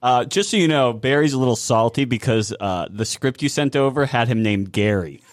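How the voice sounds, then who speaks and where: A man co-hosting a podcast and teasing his friends. His voice has a middle pitch and a relaxed, conversational delivery. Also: moderate pace, no room sound, clean studio sound. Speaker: podcast co-host. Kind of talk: casual chat.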